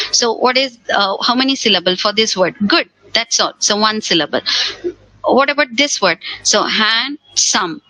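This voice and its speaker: A woman's voice: a little high, lively intonation, normal speed, pushed and bright, no room sound, low-quality recording. A woman teaching a grammar lesson for exam preparation. She repeats key words and asks rhetorical questions. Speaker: English teacher.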